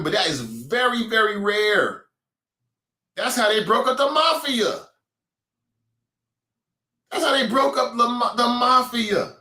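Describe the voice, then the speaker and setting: A man's voice: on the high side, sharp tone, echoey room. A man hosting a talk show with a Cincinnati accent, delivering a blunt, mocking, streetwise opinion monologue.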